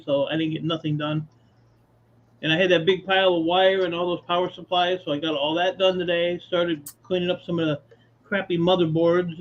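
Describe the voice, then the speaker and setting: A man chatting casually on a live call, telling stories with easy laughs and casual swearing, over dull lo-fi audio. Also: on the high side. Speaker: guest on a live scrap chat. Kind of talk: casual storytelling chat.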